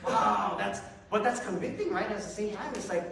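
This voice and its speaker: Male preacher, high register, loose and self-mocking, heard far off in a very echoey hall. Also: huge pitch swings, normal speed, hardly any pauses, a crowd in the background. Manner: casual, self-deprecating, chuckling asides. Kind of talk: conversational sermon. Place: church hall with a congregation.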